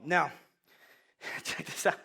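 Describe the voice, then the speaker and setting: A man preaching a sermon, telling the story with lively acted voices and sudden loud outbursts. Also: extremely slow. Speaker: pastor.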